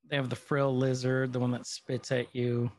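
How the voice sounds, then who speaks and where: A man's voice: mid-range voice, monotone, moderate pace. A man co-hosting a podcast, recapping an episode in casual chat with rambling, filler-heavy storytelling. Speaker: podcast co-host.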